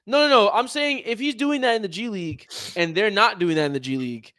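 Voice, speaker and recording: A man's voice: sits high, lively intonation, brisk, sharp tone, dry recording. A man co-hosting a casual sports podcast, talking emphatically with lots of repeats and laughs. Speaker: podcast co-host.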